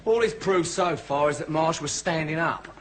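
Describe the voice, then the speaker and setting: A man's voice: fairly high pitch, normal speed, lightly acted. An actor playing a wry young male recruit with a dry, sardonic manner. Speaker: RAF trainee. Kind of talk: 1980s TV sitcom acting. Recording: noisy old TV soundtrack.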